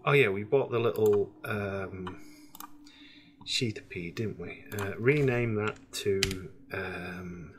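A man's voice: on the low side, takes it slowly. A man giving casual, rambling let's-play commentary on a space game, full of hesitations. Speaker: gaming streamer.

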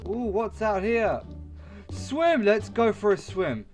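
Young male gamer, high pitch, loose unhurried delivery with frequent outbursts and curses, light music behind. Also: very animated. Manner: swearing, exclaiming, rambling with frequent outbursts. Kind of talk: let's play commentary.

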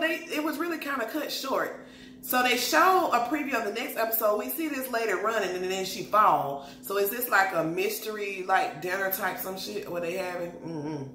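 A woman recapping a reality show in an animated, slangy, gossipy way. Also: mid-range voice, a little hiss or hum. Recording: echoey room.

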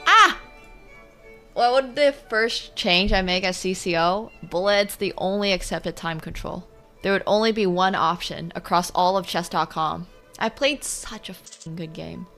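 A woman streaming her online chess games, talking through the moves and swinging from quiet muttering to loud outbursts. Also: fairly low pitch, measured pace, soft background music. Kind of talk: live commentary while playing online chess.

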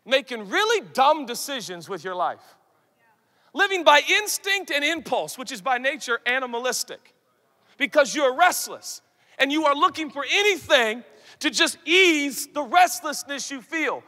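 Male pastor, 30s, high bright voice, animated stage sermon with shouts and hushed asides. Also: moderate pace. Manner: animated, shifts from loud shouts to soft asides, acts out quoted voices. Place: large conference hall. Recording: long hall reverb.

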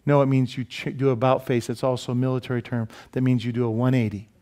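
Animated joking pastor preaching. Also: male voice, medium pitch, fast. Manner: animated, joking, many rhetorical questions to the congregation. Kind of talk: sermon. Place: church sanctuary.

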